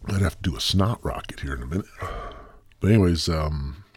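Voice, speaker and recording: Deep, husky man rambling profanely. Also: expressive, a little fast, no echo. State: out of breath, stuffy sinuses. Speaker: podcast host. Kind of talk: solo casual podcast rant.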